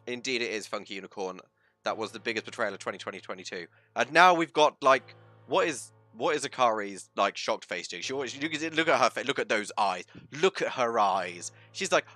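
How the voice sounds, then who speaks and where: A man's voice: medium pitch, lively intonation, fairly quick, no echo, soft background music. A man giving casual, theatrical commentary while streaming a game. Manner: theatrical, swings into loud outbursts.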